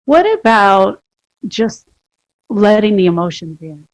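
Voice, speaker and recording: A woman's voice: mid-range voice, slow pace. A woman co-hosting a podcast, talking about grief in an emphatic way and building her points through repetition and questions. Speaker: podcast co-host. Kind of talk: reflective conversation about grief.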